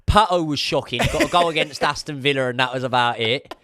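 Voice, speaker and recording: A man's voice: medium pitch, a bit bright, no room sound. A young man chats casually about football on a podcast, bantering with his co-host. His voice sits mid-range. The recording is close and dry, with no room sound. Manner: banterish, quick recall of old players.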